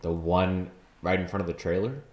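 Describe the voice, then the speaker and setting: A man's voice: low voice, normal speed, lo-fi sound. A man co-hosting a casual podcast, teasing his friend and chiming in with short quips. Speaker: podcast co-host. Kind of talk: casual chat. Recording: echoey room with faint background noise.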